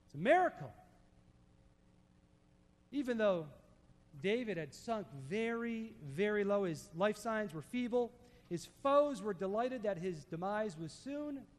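A man preaching a sermon, emphatic, dropping to soft low tones to stress a point. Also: lively intonation, measured pace, pauses often, long reverb tail. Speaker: pastor.

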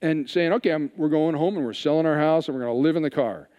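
A man delivers a sermon in a church hall, and his voice rings with long reverb. He sits a little high for a man and retells a scripture story with lively acted-out lines and quiet asides. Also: fast, lo-fi sound. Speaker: pastor.

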